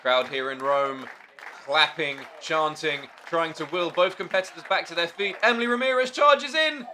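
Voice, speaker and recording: A man calling a wrestling match play by play, excitable and shouting at the big moves. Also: a little high, moderate pace, some chatter behind, slight background noise. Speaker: wrestling commentator. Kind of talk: play-by-play commentary.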